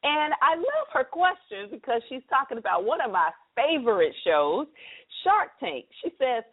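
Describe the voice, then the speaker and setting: A woman's voice: high voice, sing-song, normal speed, slightly rough. A middle-aged woman hosting a live talk radio show, upbeat and chatty as she promotes the show and explains business math. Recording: phone-like narrow band radio audio.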